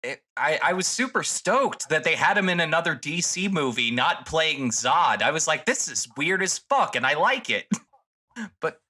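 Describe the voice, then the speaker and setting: A young man with a bright, forceful voice pitched a little high, co-hosting a podcast. He talks casually and loosely, swears a lot and trips over his own restarts. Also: animated, unhurried. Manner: profane, rambling, with many restarts. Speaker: podcast co-host. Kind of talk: casual chat.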